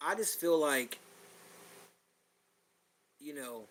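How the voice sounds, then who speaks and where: A man's voice: fairly high pitch, expressive, extremely slow, a bit bright, poor audio. A middle-aged man hosting a podcast, speaking bluntly and emotionally in a personal monologue, swearing freely and repeating his phrases. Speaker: podcast host.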